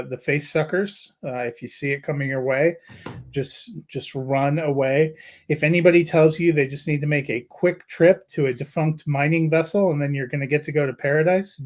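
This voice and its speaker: A man co-hosting a movie review podcast, talking in a relaxed, rambling way with many fillers as he wraps up the episode. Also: fairly high pitch. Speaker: podcast co-host. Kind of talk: casual movie review chat.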